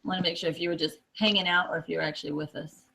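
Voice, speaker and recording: A woman's voice: lowish voice, level tone, rapid-fire, gravelly, sharp tone, low-quality recording. A woman teaching a classroom lesson, explaining patiently step by step with many fillers. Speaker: Spanish teacher.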